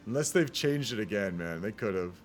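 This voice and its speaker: A man's voice: fairly low pitch, animated, normal speed, faint music behind. A man casually commentating a multiplayer strategy game on a live stream, rambling into laid-back asides and swearing often.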